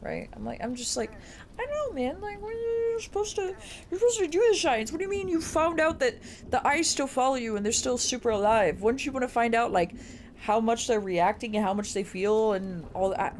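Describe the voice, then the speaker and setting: A woman streamer reading aloud and chatting on a live stream, excitable and incredulous, with casual swearing. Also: a little high, a little fast, slight background noise.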